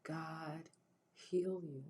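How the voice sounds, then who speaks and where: A woman's voice: low voice, steady tone, very slow, mellow, slightly rough, poor audio. A woman hosting a faith-based livestream, making an earnest, preacherly appeal with frequent restarts, emotional and close to tears. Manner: earnest, repeats herself with restarts, preacherly encouragement. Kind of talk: heartfelt spoken appeal to viewers.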